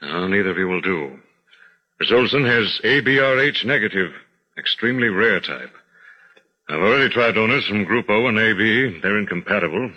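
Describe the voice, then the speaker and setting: An actor playing a grave, formal male hospital surgeon who speaks in a measured, clinical way, in 1940s radio acting, on a dull vintage recording. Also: lowish voice, animated, slightly rough.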